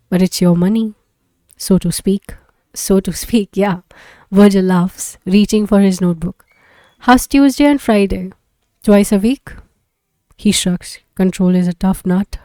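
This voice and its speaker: A woman reading a novel aloud in a plain, unhurried way, now and then correcting herself. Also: medium pitch, mellow, dry recording. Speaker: audiobook reader.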